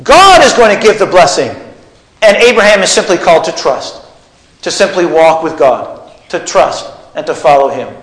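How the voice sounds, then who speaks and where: A man's voice: sits high, animated, normal speed, a bit bright, echoey room, low-quality recording. A man preaching a teaching sermon, putting questions to his congregation. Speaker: pastor. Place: church.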